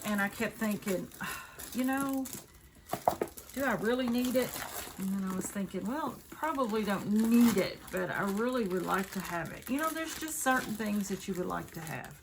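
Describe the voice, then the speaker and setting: A woman's voice: mid-range voice, lively intonation, moderate pace, background noise. A woman with a Southern accent, chatting and rambling casually as she unboxes and shows off a craft kit. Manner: chatty, rambling, self-correcting. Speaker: craft video host.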